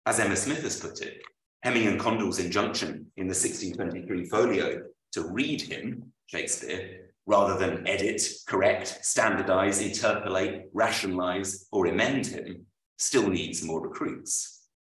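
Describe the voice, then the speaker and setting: Deep-voiced man reading a lecture. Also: moderate pace, a bit bright. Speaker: author presenting his book. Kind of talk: reading a prepared lecture aloud. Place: lecture room at a book launch. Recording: roomy, voice from far off.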